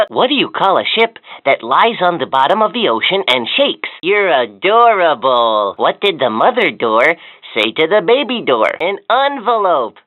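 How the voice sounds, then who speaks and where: A sing-song talking toy. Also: female voice, fairly low pitch, big pitch swings, unhurried, hardly any pauses, no room sound. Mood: cheerful. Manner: sing-song, encouraging, giggly, joke-telling. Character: cheerful chatty talking learning toy. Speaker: voice of a children's educational toy. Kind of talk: scripted toy voice lines. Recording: tinny, dry toy speaker audio.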